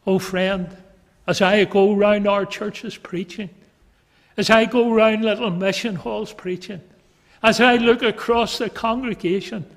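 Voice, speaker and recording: Middle-aged male preacher, high voice, fervent delivery with swells and drops, echoey church hall reverb. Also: fairly even intonation, a little slow. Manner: fervent, rising and dropping in loudness. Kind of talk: sermon.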